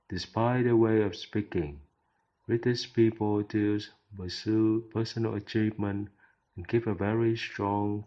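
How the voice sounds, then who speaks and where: A man reading a measured explanation as a student presenter for a class project. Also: lowish voice, warm tone. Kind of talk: read narration for a class project. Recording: dull lo-fi sound.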